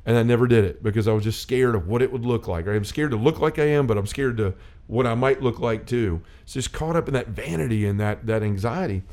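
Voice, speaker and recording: A middle-aged man speaks fairly quickly in a medium-pitched, darkish voice, barely pausing at all. As host of a faith-based chat, he earnestly rambles through a personal story, often restarting and quoting dialogue.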